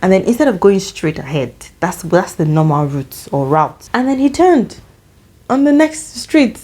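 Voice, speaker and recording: A young Nigerian woman telling a personal story on her vlog, animated and laughing often. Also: mid-range voice, measured pace. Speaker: vlogger.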